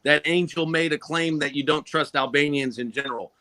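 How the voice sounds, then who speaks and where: A man's voice: on the high side, fairly quick, heavy background noise. A man hosting a casual online radio chat, passing on gossip from the chat.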